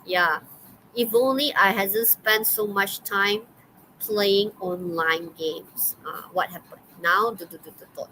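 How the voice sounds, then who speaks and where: She speaks slowly at a medium pitch, her tone pushed and bright, over a low-quality recording with faint noise underneath. A woman with a Malaysian English accent, she runs an online English class in a loose, chatty way, laughing often and leaning on okays and fillers.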